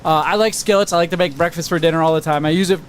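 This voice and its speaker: A man's voice: on the high side, steady tone, very fast, noisy background. A man co-hosting a podcast, chatting casually, swearing often and laughing a lot. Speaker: podcast co-host. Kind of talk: casual profane banter.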